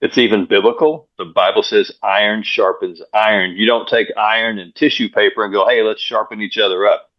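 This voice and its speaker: A man with a lowish voice tells a story as a guest on an interview show. He is energetic and often repeats words while he finds his thought. The recording sounds dull and lo-fi. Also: a little fast, hardly any pauses. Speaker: guest speaker, pastor and coach.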